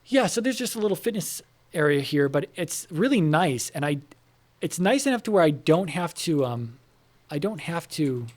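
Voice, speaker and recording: His voice is fairly high, expressive and a little mellow, moving at a normal speed. He's a gamer chatting loosely to viewers from his home computer room, wandering off topic with lots of fillers, casual swearing and comments on the game.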